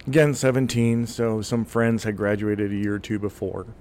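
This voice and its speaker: A man in his thirties telling a long personal story on a podcast in a rambling, animated way. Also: lowish voice, normal speed. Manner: rambling, animated storyteller who voices quoted people. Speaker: podcast guest. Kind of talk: casual storytelling.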